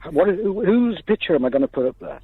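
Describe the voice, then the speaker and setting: A man's voice: sits high, animated, fast, creaky, breathy edge, no room sound. A man from London calling in to a radio show, insistent and defensive, talking over the host. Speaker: caller. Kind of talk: phone-in call. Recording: tinny phone line.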